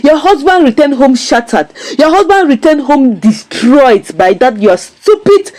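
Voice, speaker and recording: A furious older mother, scolding and accusing her daughter, as a woman reviewer puts her on. The voice is dark and mellow but swings widely in pitch. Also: sing-song, unhurried.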